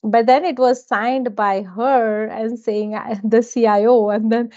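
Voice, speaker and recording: A woman's voice: a little high, steady tone, unhurried, a little mellow. A woman from India, a guest telling stories in a casual interview and laughing often between phrases. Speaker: guest, data executive. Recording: dull lo-fi audio.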